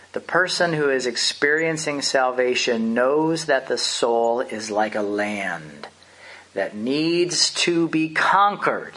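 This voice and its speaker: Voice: mid-range voice, fairly bright tone. A preacher delivering an impassioned, emphatic sermon, full of rhetorical questions.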